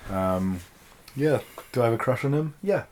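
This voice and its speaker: A man co-hosting a podcast in relaxed casual chat, often hesitating and hedging. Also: mid-range voice, moderate pace, slight background noise. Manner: relaxed, hesitant, hedges with "I think". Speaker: podcast co-host.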